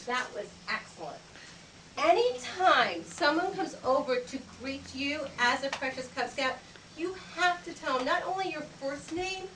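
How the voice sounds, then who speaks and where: High-voiced woman teaching kids manners. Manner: upbeat teacherly, acts out greetings and handshakes. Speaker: etiquette instructor. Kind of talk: teaching manners to a group of children. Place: library program room. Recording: echoey room, distant mic, background noise.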